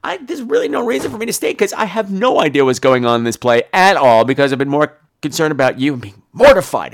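A man's voice: a little high, very animated, fast, few pauses. A man hosting a podcast, telling a profane, theatrical comic story. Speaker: podcast host.

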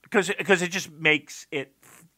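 Emphatic bright-voiced man, dry close mic. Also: fairly high pitch, moderate pace, no room sound. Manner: animated, emphatic, many repeated starts and fillers. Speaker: podcast co-host. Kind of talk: casual opinionated discussion.

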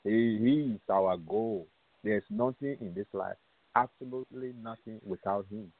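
A man's voice: lowish voice, a little slow, no room sound. A man preaching on a call-in radio show, his voice coming through a thin, narrow phone line with a dry, close sound. He presses his points emphatically, repeats his phrases and keeps asking rhetorical questions.

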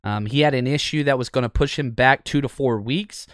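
A man's voice: medium pitch, brisk, a bit bright, dry recording, clean studio sound. Chatty man hosting a sports podcast. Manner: chatty, enthusiastic, frequent fillers. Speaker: podcast host. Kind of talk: casual sports podcast talk.

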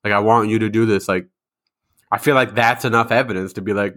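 A man's voice: fairly low pitch, fairly even intonation, a little fast, fairly bright tone. A man co-hosting a podcast, reacting in a laid-back, wry way during casual chat. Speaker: podcast co-host.

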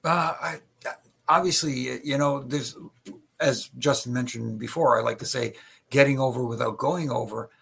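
A man's voice: medium pitch, normal speed, gravelly, a bit bright, husky. A middle-aged man, a former wrestling referee, chatting on a podcast and telling anecdotes with many stammered restarts. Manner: chatty storyteller with frequent stammered restarts and laughter. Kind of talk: casual podcast chat, anecdotes.

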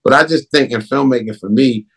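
A man who directs films, talking in a casual interview in an emphatic, animated way. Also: medium pitch, fairly quick, slightly rough. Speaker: film director.

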